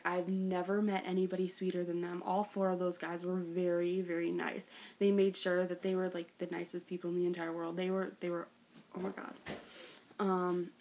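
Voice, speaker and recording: A woman's voice: fairly low pitch, dark tone. A young woman telling a fan meet-and-greet story in a vlog, gushing and breathless, full of "like" and "oh my God". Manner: bursts into giggles when retelling. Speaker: vlogger.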